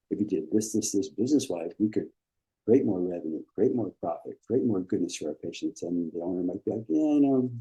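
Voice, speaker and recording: A man's voice: low voice, warm tone, poor audio. A man, a dentist and business coach, talking as a podcast guest in a rambling, repetitive, encouraging way. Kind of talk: casual interview conversation.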